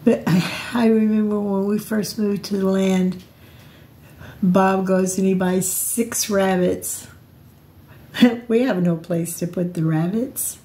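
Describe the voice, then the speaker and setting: A woman's voice: medium pitch, steady tone, takes it slowly, dark tone. An older woman telling personal stories in a rambling, reflective vlog, often restarting her sentences. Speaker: vlogger.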